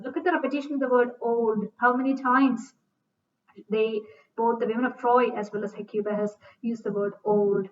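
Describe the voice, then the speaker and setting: In a dull, distant-sounding recording, a woman with a fairly high, steady voice speaks at a normal pace. She is giving a literature lecture, reading lines from a play aloud and then explaining them plainly, with fillers and restarts along the way.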